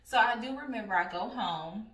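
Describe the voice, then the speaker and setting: A young woman vlogger telling a casual, profane story in a blunt, animated way. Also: a little high, normal speed. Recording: roomy sound from a distant mic.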